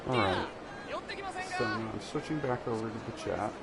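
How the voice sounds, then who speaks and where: A man's voice: lowish voice, moderate pace, gravelly. A man streaming a game alone, chatting to his viewers in a rambling, hesitant way full of restarts and fillers. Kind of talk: casual solo stream chat. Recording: game music and crowd noise behind.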